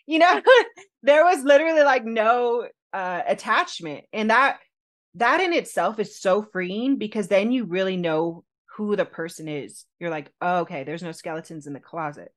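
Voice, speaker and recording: A woman co-hosting a podcast, telling a personal story in an animated, chatty way with frequent laughter. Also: mid-range voice, moderate pace. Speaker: podcast co-host telling her proposal story. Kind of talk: casual storytelling chat.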